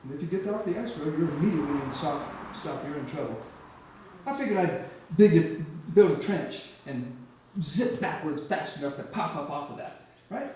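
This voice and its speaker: A man telling his life story from the church floor, vivid and animated, often breaking off to restart a phrase. His voice sits a little high for a man. A very echoey hall carries it to a mic some distance away. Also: normal speed. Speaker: church speaker giving a testimony. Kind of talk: storytelling sermon testimony.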